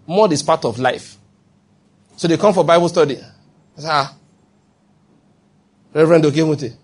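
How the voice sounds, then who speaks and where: Husky pastor preaching animatedly. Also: male voice, fairly high pitch, moderate pace, long pauses. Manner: animated preaching, acting out quoted voices, checking in with the congregation. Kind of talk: sermon.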